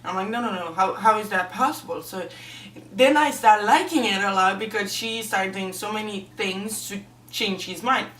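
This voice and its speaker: A woman's voice: medium pitch, normal speed, fairly bright tone, a little hiss or hum. A woman reviewing a book in a casual vlog, talking in a chatty, emotional way with lots of fillers. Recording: echoey room, mic at a distance.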